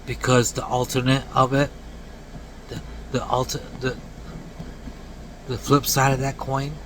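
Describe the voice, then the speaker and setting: A man in his late forties delivering a blunt, earnest rant to camera, dropping to low mumbled tags at the ends of lines. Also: monotone, a little slow, fairly bright tone, slight background noise, rough recording. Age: 40s. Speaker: vlogger. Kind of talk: casual preachy rant to camera.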